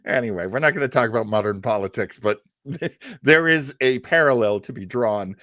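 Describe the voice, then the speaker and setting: A male host from New England tells old radio history in a casual, rambling way, breaking off with little laughs and fillers. His pitch swings around a lot. The sound is close and dry, with no room around it. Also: animated, moderate pace, a bit bright, no room sound. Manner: chatty and digressive, with frequent fillers and laughs. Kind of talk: casual storytelling commentary.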